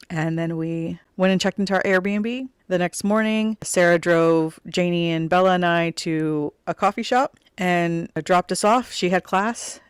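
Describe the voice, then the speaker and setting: A woman's voice: fairly low pitch, smooth, dry recording, studio quality. A middle-aged woman hosting her own podcast, telling a personal story in a rambling, chatty way, full of "like", with a wistful, grieving undertone. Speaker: podcast host.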